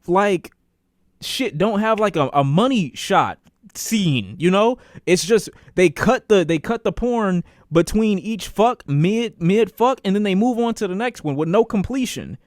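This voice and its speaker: Male streamer, animated profane storyteller, high and swinging pitch, dry booth-like sound. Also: no room sound. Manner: repeats phrases for emphasis. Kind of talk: casual storytime on a live stream.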